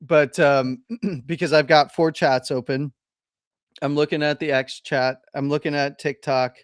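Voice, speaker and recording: A man's voice: a little high, little pitch movement, unhurried, clear, resonant tone, no echo, studio quality. A man co-hosting a casual show, laughing often as he banters. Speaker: co-host.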